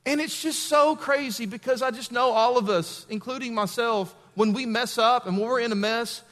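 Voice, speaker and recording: Male pastor, high voice, chatty sermon delivery that builds to emphatic peaks, long hall reverb. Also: moderate pace, a bit bright.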